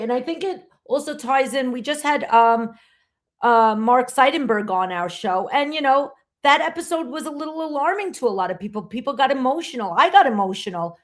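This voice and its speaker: Direct, fairly high-voiced woman co-host. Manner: direct, pushes for practical examples. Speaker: podcast co-host and reading teacher. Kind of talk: conversational podcast discussion.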